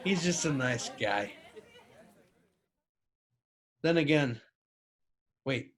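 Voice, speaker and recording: A man's voice: mid-range voice, expressive, takes it slowly, fairly bright tone. A young man, a student comic, telling stories in a mock-earnest, self-deprecating stand-up set. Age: young adult.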